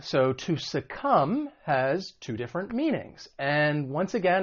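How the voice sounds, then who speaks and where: A man teaching English vocabulary in an online video lesson. He explains patiently and slowly, giving examples as he goes. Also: on the high side, dull audio.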